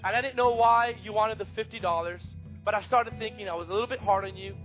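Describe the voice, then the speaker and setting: A man's voice: high-pitched, fast talker, highs cut off, music in the background, close to an everyday voice. A man playing a busy businessman father who speaks curtly to his son. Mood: apologetic.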